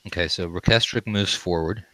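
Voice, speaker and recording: A man's voice: deep voice, fairly bright tone, no echo, rough recording. A man acting as dungeon master, narrating a tabletop game with many ums and uhs. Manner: halting, full of ums and uhs. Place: home game room on camera.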